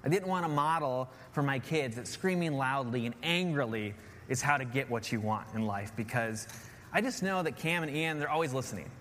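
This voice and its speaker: A man in his thirties preaches with earnest conviction, circling back to his key lines and checking in with "right?" His mid-pitched voice carries a long reverb through a church hall. Faint background noise sits under it. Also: animated, fairly quick, fairly bright tone. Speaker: pastor. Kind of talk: sermon.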